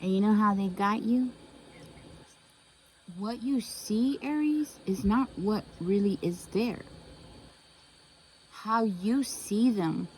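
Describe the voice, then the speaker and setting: A woman delivers a tarot reading in a mellow, warm voice. She talks emphatically, repeats phrases and keeps asking rhetorical questions. Faint crickets chirp in the background. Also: medium pitch, slow, long pauses, slight background noise, rough recording. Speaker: tarot reader.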